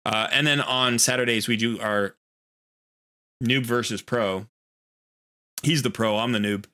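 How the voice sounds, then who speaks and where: A man's voice: mid-range voice, a little slow, bright, forceful tone. A man streaming a video game live, talking casually in a rambling, easygoing way and often correcting himself.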